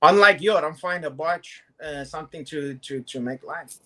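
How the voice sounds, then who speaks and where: A man with a Brazilian Portuguese accent, a podcast co-host trading goofy jokes and loud impressions in casual banter. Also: on the high side, normal speed. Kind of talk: joking banter.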